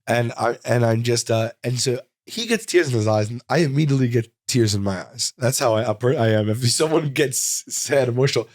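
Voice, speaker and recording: A man in his forties, a comedian guest in an interview, telling stories in an animated, rambling way full of fillers and restarts. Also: mid-range voice, fairly quick, hardly any pauses, no room sound, studio quality. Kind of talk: casual interview storytelling. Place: studio.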